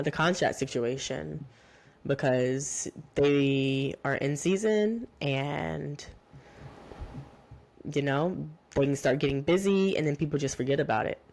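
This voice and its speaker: A woman hosting a solo podcast, talking casually and warmly with lots of "like"s and restarts. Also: sits low. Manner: chatty and heartfelt, many "like"s and restarts. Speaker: podcast host.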